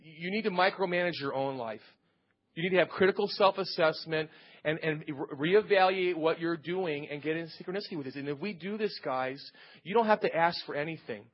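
A man's voice: a little high, a little fast. A man, middle-aged, preaching an informal sermon and telling a personal testimony, rambling and restarting his sentences. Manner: rambling, repeats words and restarts, storytelling. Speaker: lay preacher. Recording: dull lo-fi church audio.

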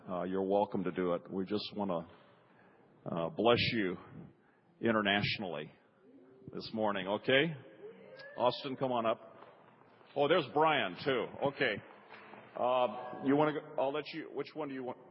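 A man hosts a prayer gathering, encouraging the crowd and casually handing over to others. His voice sits low with a husky grain. The sound is muffled and dull, with long reverb from a large hall. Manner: encouraging, hesitant fillers while organizing speakers. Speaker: prayer meeting leader. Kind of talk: preaching and hosting a prayer meeting.

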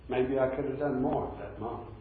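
A man preaching a sermon in a relaxed, conversational way, telling a story and acting out what people said. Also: mid-range voice, a little fast, distant mic, slight background noise. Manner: conversational, retells with acted quotes. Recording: very echoey, dull-sounding room recording.

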